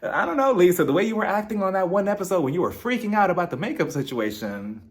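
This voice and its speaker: A man's voice: high voice, very animated, quick pace. A young man hosting his own channel, giving a casual, gossipy recap of a reality show reunion and mimicking cast members' voices as he retells scenes. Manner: chatty and gossipy, laughs while retelling, does mocking voices of cast members. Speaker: reality TV reviewer, channel host.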